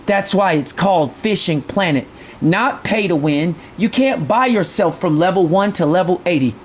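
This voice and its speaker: A man with a high voice streams a fishing game and talks straight to his chat. He is blunt and profane and circles back to the same point again and again. Faint ambient noise sits under his voice. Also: expressive, normal speed. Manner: blunt, profane, repeats himself while ranting. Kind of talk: live stream commentary.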